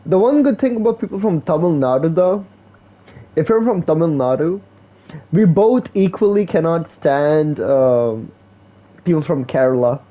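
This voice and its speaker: A young man from India chats loosely over his game, swearing and joking, with "like" and "bro" in every line. His voice sits a little high for a man. The audio is dull and lo-fi. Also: animated, measured pace. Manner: slangy, profane, joking, lots of "like" and "bro". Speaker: game streamer. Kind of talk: casual gaming stream chat.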